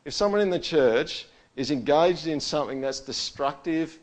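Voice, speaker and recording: Pastor preaching a conversational sermon. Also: male voice, on the high side, expressive, moderate pace. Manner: conversational, keeps asking "all right?", voice swings loud and soft.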